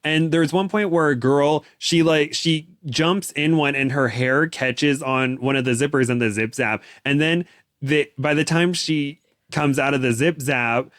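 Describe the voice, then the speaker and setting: A man's voice: on the high side, steady tone, unhurried, a bit bright, dry recording, studio quality. A man co-hosting a podcast in casual chat, rambling a little with hesitant asides. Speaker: podcast co-host.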